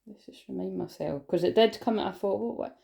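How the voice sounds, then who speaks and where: A woman's voice: medium pitch, fairly quick, creaky, dark tone. A woman giving a casual, rambling tarot reading, swearing freely and laughing often. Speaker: tarot reader.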